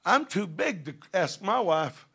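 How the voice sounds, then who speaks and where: Fervent, gravelly-voiced preacher man. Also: sits high, lively intonation, unhurried. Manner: fervent, building to shouted passages. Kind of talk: sermon.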